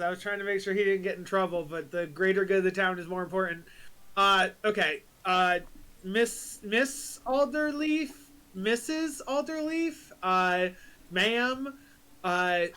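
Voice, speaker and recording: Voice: medium pitch, bright, forceful tone, clean tone. A player in a tabletop game speaking in character, hesitant and rambling. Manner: hesitant, rambling, lots of fillers. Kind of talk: tabletop role-play, casual.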